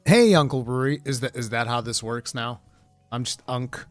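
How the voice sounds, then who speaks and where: A man's voice: medium pitch, moderate pace, no room sound, soft background music. A man hosting a casual live stream, rambling through gaming news and reading chat aloud. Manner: rambling, reads chat aloud, bursts of laughing excitement.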